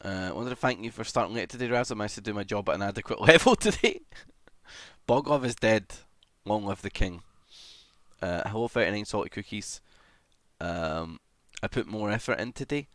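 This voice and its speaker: A young man chats casually on a livestream, reeling off greetings to viewers and dropping swear words as he goes. His voice sits fairly low. The sound is dry and close, with no room echo. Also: lively intonation, a little fast, fairly bright tone.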